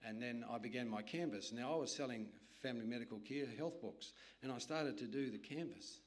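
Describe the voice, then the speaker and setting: A man, a literature evangelist, telling a lively anecdote in a sermon with asides to his listeners. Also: mid-range voice, a little fast. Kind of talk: storytelling sermon.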